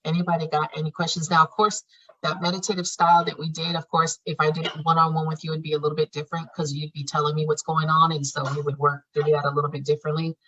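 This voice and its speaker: Low, forceful, husky woman facilitator; frank and emphatic, dull lo-fi sound. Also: little pitch movement, fast. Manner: frank, emphatic, swears casually. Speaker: healing class facilitator. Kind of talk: teaching an online class.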